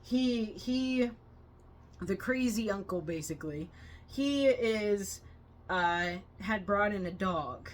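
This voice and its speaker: A woman co-hosting a movie review channel, retelling scenes with loud excited quotes. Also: mid-range voice, slow. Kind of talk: casual movie review chat.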